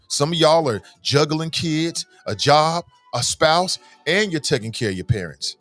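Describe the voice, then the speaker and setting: A man hosting a morning talk show, talking to listeners in an animated, preachy, slangy way and swearing freely. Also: on the high side, a little slow, few pauses, faint music behind.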